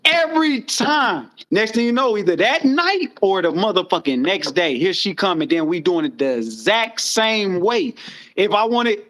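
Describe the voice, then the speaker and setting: A man with a notably high voice rambles through his stories in casual chat. He is animated and swears often, and his phrases keep circling back on themselves. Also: moderate pace. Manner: rambling, animated storytelling with frequent profanity.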